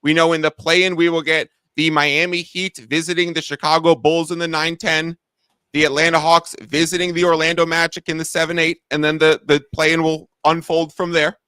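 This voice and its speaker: Bright-voiced male sports talk host. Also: fairly high pitch, steady tone, a little fast, clear, resonant tone, no echo, clean studio sound. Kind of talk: sports betting talk show.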